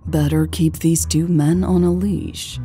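A woman's voice: low voice, steady tone, a little slow, warm tone, faint music behind. A woman reading the lines of a stern, annoyed woman who speaks curtly. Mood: dry. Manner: firm, curt.

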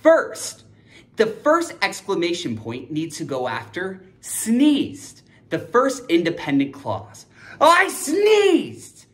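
Upbeat young woman grammar teacher; very lively pitch, slow deliberate pace. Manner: upbeat, emphatic, cheerleading students. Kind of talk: online grammar lesson.

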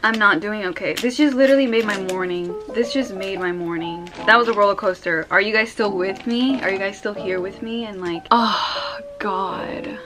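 A woman's voice: mid-range voice, normal speed, hardly any pauses. A young woman filming an unboxing vlog at home, gushing, squealing and tearful, repeating herself breathlessly. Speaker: vlogger. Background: background music.

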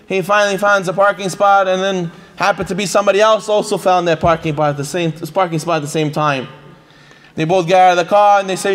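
A man giving a lively sermon, telling stories and acting out the people in them with repeated phrases. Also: high-pitched, a little fast. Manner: animated, repetitive phrasing, acts out quoted voices. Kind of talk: sermon with storytelling.

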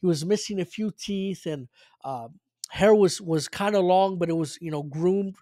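A man's voice: sits high, moderate pace, mellow, no echo, studio quality. A man preaching, earnestly telling a personal faith story with frequent restarts and fillers. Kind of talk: sermon testimony storytelling.

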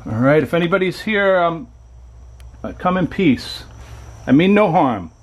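A frightened, shaky man filming himself alone on a ghost hunt in an abandoned trailer at night, muttering to himself and calling out into the dark. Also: on the high side, lively intonation, measured pace, slight background noise, poor audio. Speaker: paranormal vlogger. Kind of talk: nervous solo ghost-hunt vlog. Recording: night insects and crickets clearly audible.

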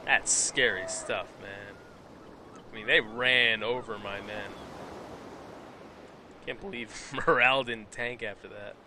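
A man's voice: on the low side, fairly even intonation, slow, pauses often, noisy background. A young man giving playful, casual commentary while playing a game, with cheering outbursts. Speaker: let's play host. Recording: game music playing behind.

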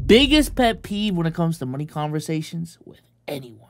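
A man's voice: on the high side, big pitch swings, moderate pace, hardly any pauses, fairly bright tone, no echo. A man reacting to a video in casual streamer commentary, blunt and profane, joking with his audience.

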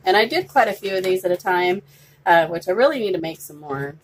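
A woman's voice: fairly low pitch, animated, fairly quick, slight background noise, poor audio. A woman presenting a handmade paper journal in a casual show-and-tell, chatty and gushing, with some fillers. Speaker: craft vlogger.

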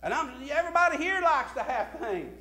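A male pastor preaching a sermon, swinging from emphatic bursts to quiet, low drops. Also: big pitch swings, fairly quick.

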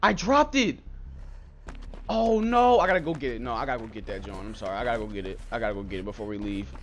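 A young man giving live, excitable commentary on his own gameplay, swearing often and calling everyone bro. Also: fairly low pitch, racing, slight background noise. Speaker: gameplay streamer.

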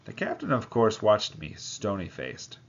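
A man's voice: lowish voice, huge pitch swings, unhurried, breathy edge. A man reading a novel aloud, voicing the characters and breaking off now and then to comment. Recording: dull lo-fi sound.

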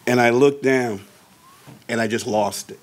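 A man in his sixties recounts a personal testimony in an animated style. He draws out important words and shifts between quiet asides and raised emphasis. His pitch sits in an ordinary middle range for a man. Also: a little hiss or hum. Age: 60s. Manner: slows down and draws out key words. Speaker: Baptist pastor.

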